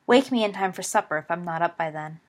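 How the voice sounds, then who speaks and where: A woman's voice: fairly low pitch, quick pace, close to an everyday voice. A woman voicing a brash, hot-tempered teenage schoolboy wizard who talks bluntly and irritably, in an audiobook story. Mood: irritable.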